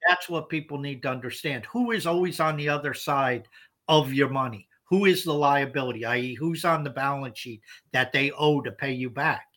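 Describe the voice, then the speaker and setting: A man's voice: medium pitch, moderate pace, sharp tone. A man co-hosting a casual podcast, explaining points emphatically and often repeating words as he restarts. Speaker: podcast co-host.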